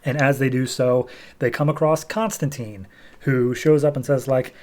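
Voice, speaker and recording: A man's voice: mid-range voice, fairly even intonation, moderate pace, darkish tone, a little hiss or hum. A young adult man with a mid-range voice recaps a comic on his podcast. He speaks loosely and casually, with frequent fillers and restarts. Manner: loose, filler-heavy, acts out dialogue. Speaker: podcast host.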